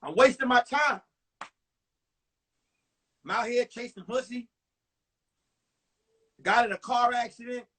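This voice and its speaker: A young comedian tells his story with punchy, profane energy. His voice is husky, breathy, and sits high for a man. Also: slow, pauses often, bright, forceful tone. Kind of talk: one-man stand-up storytelling on a live stream.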